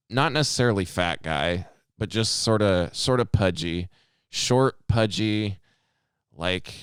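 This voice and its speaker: Deep-voiced man telling a rowdy story. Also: clean tone, dry recording, clean studio sound. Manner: animated storyteller, heavy swearing, acts out quotes. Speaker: podcast co-host. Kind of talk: casual storytelling chat.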